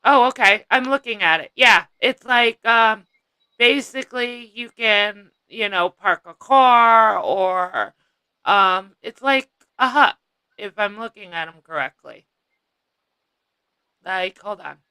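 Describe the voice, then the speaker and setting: A woman's voice: medium pitch, expressive, takes it slowly, bright, forceful tone, smooth, no room sound, rough recording. A woman with a Massachusetts accent hosting a casual live-stream chat, talking loosely, laughing easily and trailing off mid-thought. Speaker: host.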